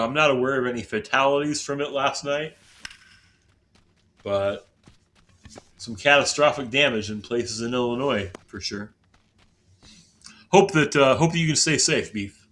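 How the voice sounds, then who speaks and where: A man's voice: medium pitch, normal speed, long pauses, fairly bright tone. A man from southern Indiana, casually chatting with his viewers as he plays a baseball game on stream, self-deprecating and talkative. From southern Indiana, USA. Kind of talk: casual live-stream commentary while gaming.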